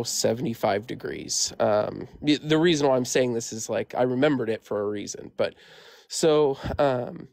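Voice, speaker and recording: A man's voice: medium pitch, gravelly, darkish tone, dry recording. A man in his thirties from the Midwest of the United States, casually telling a story as a caller, rambling with lots of "like" and "um" fillers. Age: 30s. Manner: rambling, heavy use of "like" and "um" fillers. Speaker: caller sharing a paranormal story.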